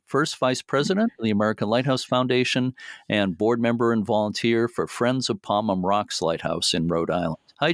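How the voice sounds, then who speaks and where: Low-voiced man hosting a podcast. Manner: relaxed, friendly, with frequent fillers. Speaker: podcast host. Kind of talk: casual podcast chat.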